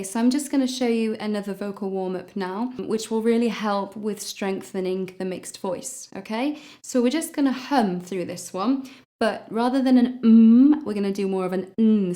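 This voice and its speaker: A woman's voice: mid-range voice, mellow. Patient woman teaching singing. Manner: patient, explanatory, demonstrates by singing. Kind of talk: vocal lesson.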